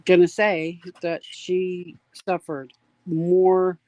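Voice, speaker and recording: A woman's voice: fairly low pitch, flat delivery, very slow, mellow, no room sound. A woman hosting a casual live commentary, indignant and emphatic, repeating points for weight. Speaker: host of a commentary stream.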